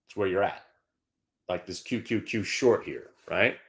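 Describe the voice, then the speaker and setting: A man hosting a live stock trading show, brash and taunting, dropping to mutters and bursting into shouts. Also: low voice, measured pace.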